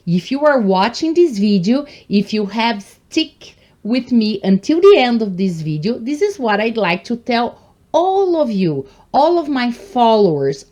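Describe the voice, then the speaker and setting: A woman's voice: on the high side, darkish tone. A woman gives an online English lesson, encouraging her viewers and calling them guys. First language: Portuguese. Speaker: English teacher.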